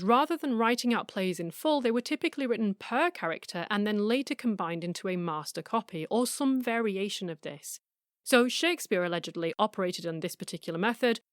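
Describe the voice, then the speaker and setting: A middle-aged woman narrates her podcast from a script, her voice sitting at an ordinary middle pitch. She sounds measured and argumentative, with a wry edge. The recording is dry, with no room sound. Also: no echo. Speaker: podcast host.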